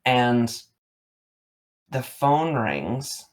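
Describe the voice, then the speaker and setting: A man's voice: medium pitch, very animated, very slow. Male co-host, thirties, casual rambling storyteller who repeats himself and fills gaps with "like" and "uh.". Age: 30s. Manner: rambling, repeats words, many fillers. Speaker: podcast co-host.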